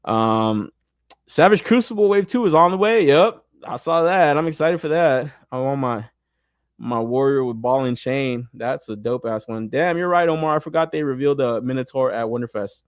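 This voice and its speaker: A man's voice: medium pitch, normal speed, dry recording, studio quality. A young man hosting a toy collecting podcast in casual, profane chat, often laughing and ranting. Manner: profane, animated, frequent laughter.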